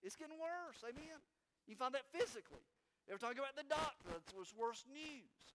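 A middle-aged male pastor, preaching in a folksy, animated storytelling way with frequent restarts. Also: very high voice, fast talker, slight background noise, poor audio. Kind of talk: sermon.

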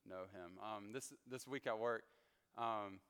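Leading a casual Bible study in a church hall, a man chats through his stories as an animated storyteller, dropping in lots of little fillers. His lowish voice is smooth, clear and unhurried, with a long reverb trailing behind his words.

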